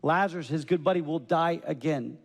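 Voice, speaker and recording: Lively preacher in an echoey church. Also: male voice, on the high side, brisk, gravelly, slightly rough. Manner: lively storytelling with acted voices. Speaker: pastor. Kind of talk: sermon. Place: church sanctuary.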